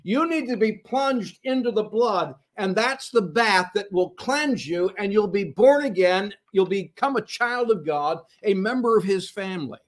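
A man's voice: high-pitched, expressive, measured pace, few pauses. A man preaching a sermon, telling a Bible story in an earnest, storytelling manner.

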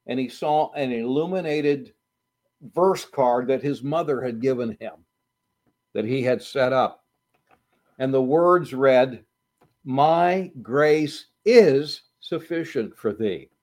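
A man preaching a sermon, slow and deliberate, building to emphatic repetitions. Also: medium pitch. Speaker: pastor.

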